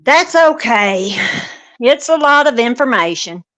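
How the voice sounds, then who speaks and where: Brief: woman doing a prosecutor at trial, steady and pointed, a touch high-pitched. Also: measured pace. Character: female prosecutor questioning a witness. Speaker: reader in a transcript read-through. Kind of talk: courtroom transcript reading.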